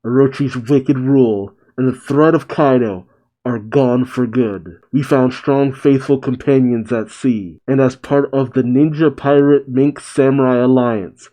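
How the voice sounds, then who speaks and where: A man acts out a young male ruler addressing his land, each line spoken slowly and grandly. The voice stays mellow and dark rather than bright, close to the reader's own. It is a manga read aloud, not a polished recording. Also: mid-range voice, steady tone, close to an everyday voice, poor audio. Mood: proclaiming. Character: young male shogun giving a proud speech.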